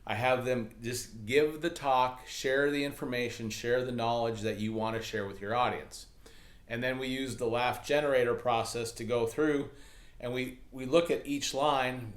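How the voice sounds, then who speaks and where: A man's voice: medium pitch, steady tone, moderate pace. A man coaching viewers on adding humor to speeches, talking casually with upbeat, jokey, self-deprecating asides. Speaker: comedy and speaking coach. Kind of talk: casual instructional talk to camera. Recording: echoey room.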